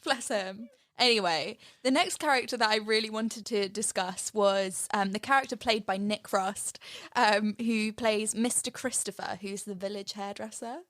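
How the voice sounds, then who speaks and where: A woman's voice: medium pitch, moderate pace, fairly bright tone. A woman co-hosting a podcast, chatting casually about a film in a giggly, gushing way. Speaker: podcast co-host.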